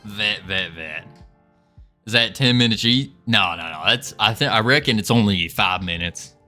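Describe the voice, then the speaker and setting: A man's voice: on the low side, moderate pace, sharp tone, soft background music. A man putting on a jokey Southern US accent as a folksy cowboy streamer, drawling and chuckling at himself. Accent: put-on Southern US.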